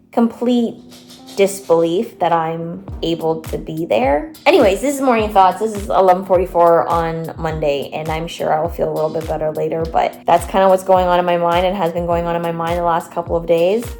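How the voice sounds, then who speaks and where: A woman's voice: fairly low pitch, brisk, darkish tone, faint music behind. A young woman vlogging casually to camera, chatty and full of "like", acting out other people's reactions as she tells stories. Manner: chatty, lots of "like", acts out quoted reactions. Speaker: bodybuilding competitor vlogger. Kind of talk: casual vlog talk to camera.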